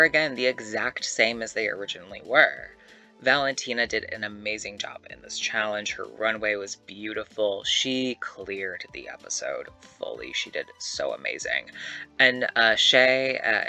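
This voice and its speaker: A young man and YouTuber giving casual, animated commentary to camera, chatty and swearing freely. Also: lowish voice. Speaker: YouTuber ranking reality-show contestants.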